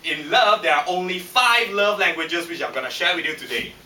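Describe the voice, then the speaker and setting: A man with a Singaporean English accent giving a humorous contest speech in a lively, punchy way that teases the audience, recorded in a function room by a far camera. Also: a little high, a little fast, a little hiss or hum. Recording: echoey hall from far off.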